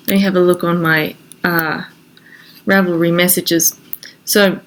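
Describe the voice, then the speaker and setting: Casual knitting podcast host, a woman with a congested cold voice. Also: lowish voice. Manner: chatty, showing her knitting to camera. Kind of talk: casual chat.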